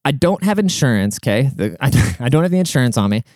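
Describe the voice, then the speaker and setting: A man's voice: mid-range voice, very animated, fast, darkish tone, no room sound, clean studio sound. A young man from Washington State telling a story in a casual, rambling monologue, swearing often and checking in with his listener as he goes. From Washington State, USA. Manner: rambling, profane, conversational.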